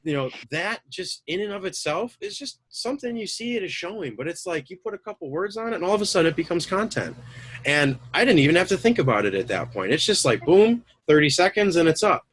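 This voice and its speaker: A man chatting loosely on a talk show, loud and excitable, acting out little quoted voices as he goes. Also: high-pitched, fairly quick, slightly rough, dry recording, poor audio. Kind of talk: casual chat, animated storytelling.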